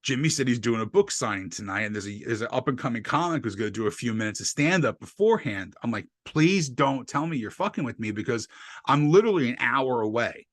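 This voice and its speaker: Here the New Jersey stand-up talks quickly in a mid-range voice, the audio clean with no echo from his desk USB mic. It's loose podcast storytelling: lots of swearing and lively impressions of what others said.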